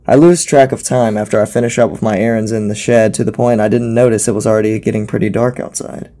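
A man narrating a first-person horror story in a measured way, with occasional stumbles. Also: lowish voice, fairly even intonation, warm tone. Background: music.

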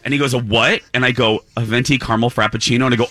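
A man hosting a morning radio show, telling a self-deprecating story with lively, animated delivery. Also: medium pitch, quick pace, hardly any pauses, dry recording. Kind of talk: casual morning radio chat.

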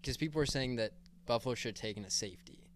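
A man co-hosting a sports podcast, quickly arguing a game decision in casual chat. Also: mid-range voice, a little hiss or hum. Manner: quick, opinionated explaining. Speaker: podcast co-host.

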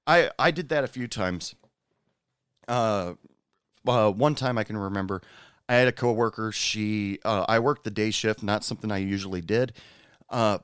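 Rambling man with a smooth, dry voice. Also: on the low side, no echo. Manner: rambling, many fillers, acts out quoted voices. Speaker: restaurant worker. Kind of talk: casual storytelling monologue.

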